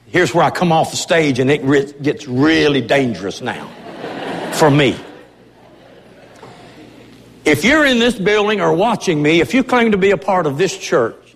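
Male pastor, high voice, impassioned slow sermon, long church-hall echo. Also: slightly rough. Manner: impassioned, emphatic preaching. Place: church sanctuary.

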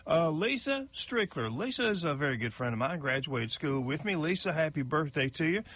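A man's voice: on the high side, sing-song, moderate pace, a bit bright, muffled recording. A middle-aged man, a local radio host reading out birthday announcements in a folksy, chatty way that stumbles over names.

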